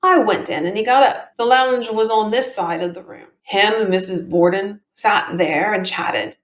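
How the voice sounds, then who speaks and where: A plain-spoken male witness answers questions in a steady, matter-of-fact way, as a woman reads his part. The voice sits in a middle range. The recording sounds tinny and echoey, like a tin can. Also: mid-range voice, moderate pace, close to an everyday voice. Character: plain-spoken man giving testimony.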